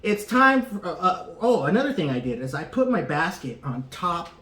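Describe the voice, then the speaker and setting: Brief: swearing male podcast co-host, higher voice, animated retelling, echoey room. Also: moderate pace. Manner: profane, animated, acts out the people in his story. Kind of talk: casual storytelling. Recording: roomy echo.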